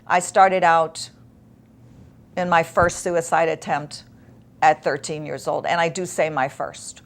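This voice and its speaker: A woman guest in an interview, telling a painful personal story in an emotional, halting way with long pauses. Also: low-pitched, little pitch movement.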